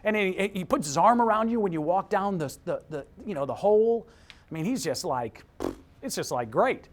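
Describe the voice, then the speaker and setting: Man, motivational speaker, keynote talk, animated swooping pitch, energetic, punchy, repeats lines for emphasis. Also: moderate pace.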